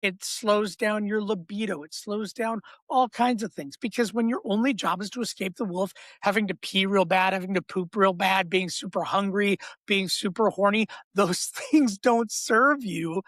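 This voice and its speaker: A man who works as a breathwork coach, explaining in a podcast interview with an emphatic, repetitive teaching cadence and an animated delivery. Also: high voice, normal speed, no echo. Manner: animated, acts out inner voices.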